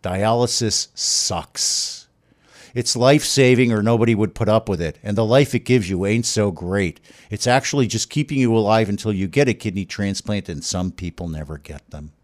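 A man's voice: on the low side, normal speed. A middle-aged man telling a personal story as a guest, emphatic and effusive, often repeating himself. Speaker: guest telling his wife's kidney transplant story. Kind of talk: casual emotional storytelling.

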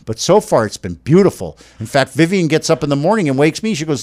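Effusive middle-aged man, fairly high voice. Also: big pitch swings, quick pace, few pauses, a little mellow. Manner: emphatic and effusive, repeats himself. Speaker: guest telling his wife's kidney transplant story. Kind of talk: casual emotional storytelling.

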